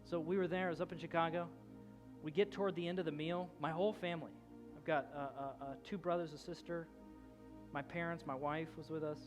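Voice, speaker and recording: A man's voice: a little high, fairly even intonation, brisk, over music. A man in his thirties preaching a sermon as a pastor, telling a story in a loose conversational way with many restarts. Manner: storytelling, rising to loud shouting at the climax.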